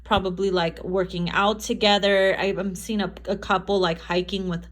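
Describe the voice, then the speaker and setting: A woman's voice: medium pitch, flat delivery, normal speed. A woman giving a casual tarot reading to camera, chatty and profane, often laughing and acting out quotes. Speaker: tarot reader.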